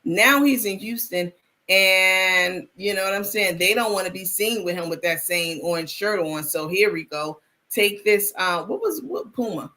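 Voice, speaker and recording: A woman's voice: mid-range voice, expressive, unhurried, pushed and bright. A woman hosting a live stream, chatting casually and reading viewer comments aloud with frequent restarts.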